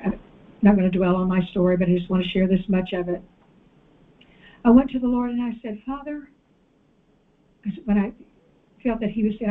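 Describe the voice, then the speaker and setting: A woman preacher delivering an animated sermon and calling out to the congregation in a church. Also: medium pitch. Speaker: guest preacher. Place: church sanctuary. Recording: tinny phone-like audio.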